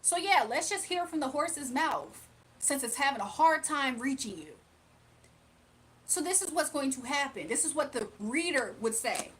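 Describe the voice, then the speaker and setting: A woman talks through a spiritual reading in a casual, emphatic way, often repeating herself. Her voice sits high. Faint room ambience hums underneath. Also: animated, normal speed, a bit bright, a little hiss or hum. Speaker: spiritual reader.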